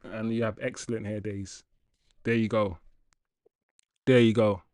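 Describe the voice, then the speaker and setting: Male livestream host, casual and animated, addresses chat directly, dry sound. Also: on the low side, unhurried, dry recording. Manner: animated and chatty, laughs often, addresses chat as guys. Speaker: football channel livestream host. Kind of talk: casual livestream chat reading viewer comments.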